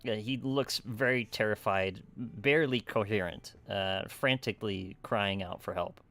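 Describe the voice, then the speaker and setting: A man's voice: on the low side, a little slow, a bit bright. A man running a tabletop game as game master, narrating casually with many fillers and frequent "right?" check-ins.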